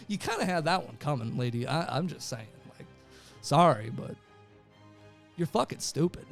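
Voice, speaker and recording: A man's voice: sits high, sing-song, moderate pace, faint music behind. A young adult man casually recapping a show episode, rambling with fillers and laughing often. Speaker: show reviewer.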